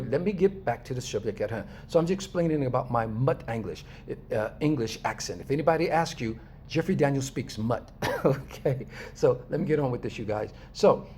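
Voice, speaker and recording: An American man from Los Angeles speaking in a casual, animated monologue to his viewers, emphatic and chuckling often. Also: medium pitch, slight background noise. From Los Angeles, USA. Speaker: vlogger.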